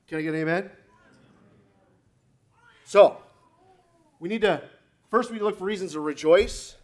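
A man's voice: sits high, moderate pace, pauses often, a little mellow. A man preaching a sermon with fervour, pushing to emphatic peaks and calling out to the congregation for an amen. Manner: fervent, rising to emphatic peaks, calls for amen.

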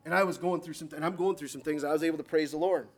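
A male preacher delivering a sermon in church, his voice sitting a little high for a man. He tells stories, reads scripture slowly and pushes his listeners with emphatic, rising calls to praise. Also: steady tone. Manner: emphatic, rising to loud exhortation.

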